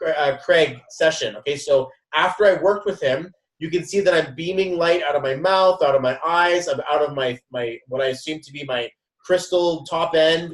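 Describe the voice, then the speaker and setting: Casting note: lively male host, mid-high voice, chatty storyteller, roomy sound from a step back. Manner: animated, quotes others in dialogue, frequent restarts. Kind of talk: casual storytelling. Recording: echoey room, mic at a distance.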